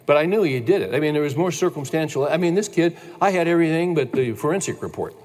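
A man's voice: a little high, lively intonation, darkish tone. Older male pastor preaching in reverb. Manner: emphatic, slow repeated declarations. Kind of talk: storytelling sermon. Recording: long church-hall reverb.

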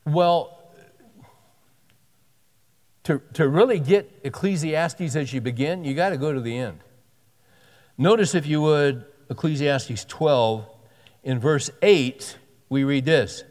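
Male pastor, slightly higher voice, earnest conversational sermon with restarts, long hall echo. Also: slow pace, long pauses, a little mellow.

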